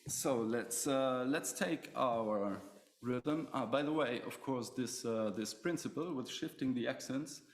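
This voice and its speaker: Slow-talking man teaching drum rhythms. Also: mid-range voice. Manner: hesitant, many fillers and restarts. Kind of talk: instructional lesson with spoken rhythm syllables. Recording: echoey room.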